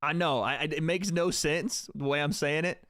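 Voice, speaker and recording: A man's voice: a little high, normal speed, a bit bright, no echo, studio quality. A young man hosting a livestream, joking and swearing casually as he talks to his chat. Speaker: streamer host.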